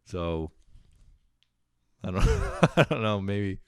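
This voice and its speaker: Very deep-voiced man ranting profanely. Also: expressive, extremely slow, clean tone, no room sound, studio quality. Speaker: podcast host. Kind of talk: casual comedic rant.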